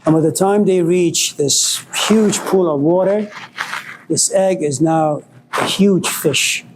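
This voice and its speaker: A man's voice: sits high, slow pace, slight background noise, poor audio. A man giving a storytelling lecture in a wry, dramatic way.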